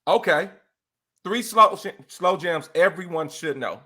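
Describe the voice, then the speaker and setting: Young man, podcast guest; lively, bright, expressive; sings snippets, laughs a lot. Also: high voice, a little slow. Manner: animated, exclaims and sings snippets, laughs often. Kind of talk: casual podcast chat.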